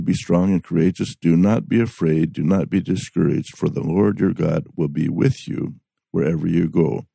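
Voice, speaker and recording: A man's voice: deep voice, creaky, warm tone, husky, no echo. A man giving a Bible study talk, reading scripture aloud with frequent restarts and fillers. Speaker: Bible teacher.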